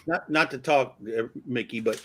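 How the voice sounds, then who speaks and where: Bright-voiced folksy male host. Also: medium pitch, normal speed. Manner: folksy, enthusiastic storyteller. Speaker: host of a live chat show. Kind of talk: casual chat.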